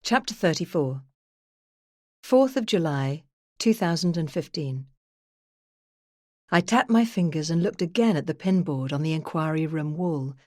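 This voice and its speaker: A woman narrating a first-person true crime audiobook in a measured, even storytelling manner. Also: low voice, no echo, clean studio sound.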